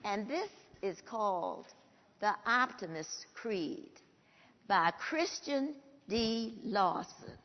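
An older woman with a gravelly voice, telling a personal story to an audience slowly and emphatically. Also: medium pitch, expressive. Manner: slow, emphatic, emotional storytelling. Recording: dull lo-fi sound with long hall reverb.

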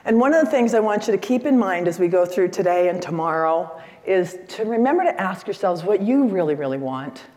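A woman in her sixties giving a lively, chatty seminar talk and questioning the audience from the stage. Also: on the high side. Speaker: seminar speaker. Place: conference hall stage. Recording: echoey hall.

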